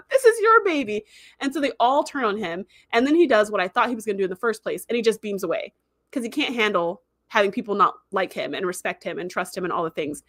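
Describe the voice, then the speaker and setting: A young adult woman hosting a livestream, retelling a story in a casual, animated way with plenty of fillers. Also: mid-range voice, no room sound, clean studio sound. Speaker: livestream host reviewing episodes.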